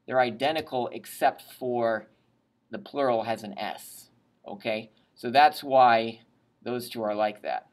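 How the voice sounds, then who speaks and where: A woman teaching Latin grammar in a recorded lesson, drilling verb endings aloud and adding chatty, plain asides. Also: a bass voice. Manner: drills conjugations aloud, pausing for students to repeat.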